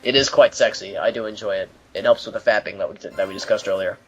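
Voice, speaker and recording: A man commentating on his own video game playthrough, explaining mechanics in a steady, mildly dry way. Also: fairly low pitch, quick pace, soft background music, low-quality recording. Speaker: gameplay commentator. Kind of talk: let's play commentary.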